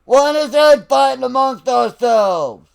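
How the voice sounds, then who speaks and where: Man, high strained pitch, gravelly, slow hammering delivery, shouting profanity, drill-sergeant rant. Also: animated. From United States. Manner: slow, emphatic, lecturing. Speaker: vlogger. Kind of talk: angry political rant.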